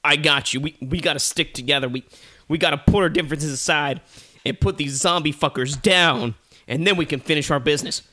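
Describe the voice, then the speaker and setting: Blunt, swearing zombie sasquatch brute voiced offhand by a man, bright tone. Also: on the high side, brisk. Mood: gruff. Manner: profane, blunt.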